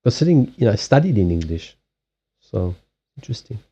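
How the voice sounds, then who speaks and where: A man with a Southern African accent chatting on his livestream, his pitch swinging up and down as he gets animated. His voice is mellow and warm, he swears freely and laughs often. The mic sounds a bit dull and lo-fi. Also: a little fast, breathy edge. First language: Portuguese. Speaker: card reader and livestream host. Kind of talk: casual livestream chat. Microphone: USB headset mic.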